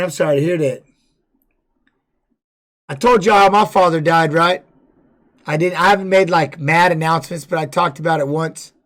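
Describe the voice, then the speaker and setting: A man streaming live, talking loosely and swearing heavily as he comments and tells personal stories. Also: on the high side. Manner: rambling, heavy swearing; candid personal storytelling. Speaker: streamer and former fighter. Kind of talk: casual livestream chat.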